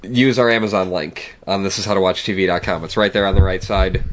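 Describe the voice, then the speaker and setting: Podcast co-host, male, sick voice, lowish pitch, musing recap delivery. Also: quick pace. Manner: relaxed, musing, hesitant with fillers. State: sick, congested voice. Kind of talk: casual chat recapping a TV episode.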